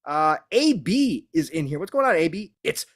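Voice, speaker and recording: A man's voice: on the high side, sing-song, moderate pace. A man hosting a live podcast, upbeat, greeting viewers and laughing easily. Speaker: podcast host. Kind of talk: live-stream podcast chat.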